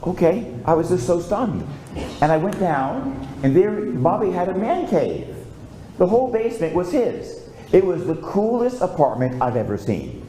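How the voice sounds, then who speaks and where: A man's voice: high-pitched, sing-song, normal speed, dark tone, a little hiss or hum. An older man, a priest, preaching a storytelling sermon and calling out for amens. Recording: echoey room with faint ambience.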